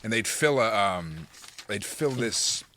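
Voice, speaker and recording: A man's voice: on the low side, animated, slow, bright, forceful tone. A man co-hosting a radio talk show, chatting in a laid-back way in the studio. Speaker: radio co-host. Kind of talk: casual radio banter.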